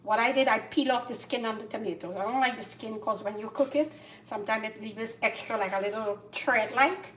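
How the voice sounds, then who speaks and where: A woman's voice: fairly high pitch, a little fast, recorded from a distance, a little hiss or hum. Chatty Caribbean woman cooking, echoey room. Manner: chatty, repeats words, grows loud and emphatic when making a point. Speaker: cooking show host. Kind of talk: casual cooking demonstration. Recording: echoey kitchen, voice from off-mic. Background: faint clatter of pots and dishes.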